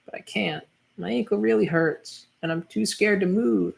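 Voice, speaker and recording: A reader voicing a scared young boy in a live read-through of a manga chapter, the voice high and strained. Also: normal speed, gravelly. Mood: frightened.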